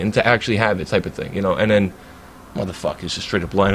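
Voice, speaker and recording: A man's voice: on the low side, brisk, a little hiss or hum. A man, a livestreamer ranting in a heated, profane, rambling way during casual chat. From Staten Island, New York.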